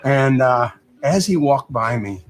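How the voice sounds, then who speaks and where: A man's voice: medium pitch, lively intonation, slow pace, soft background music. A veteran man in casual storytelling, easygoing and amused as he tells an anecdote. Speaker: veteran guest.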